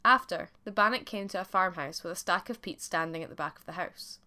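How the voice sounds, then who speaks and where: A woman narrating a folk tale for a podcast in a clear, expressive storytelling voice. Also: on the low side, a little fast.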